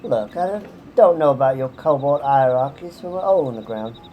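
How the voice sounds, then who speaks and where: A woman voicing a brash, tough warrior woman in a game who scolds loudly and gruffly. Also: very deep voice, animated, moderate pace, slight background noise, low-quality recording. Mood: scornful.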